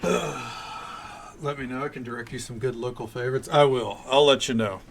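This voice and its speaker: A man's voice: medium pitch, normal speed, slight background noise. A man streaming a game, chatting casually and ranting bluntly with frequent swearing. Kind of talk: casual gameplay stream chat.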